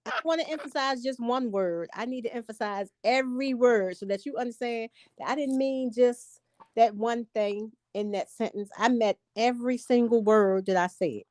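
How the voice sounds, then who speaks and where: A woman co-hosts a casual podcast, stressing her points word by word. Her voice sits a little high. The recording is dry and close. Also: moderate pace, a little mellow, no room sound. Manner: emphatic, explains with repeated words. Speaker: podcast co-host. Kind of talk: casual chat.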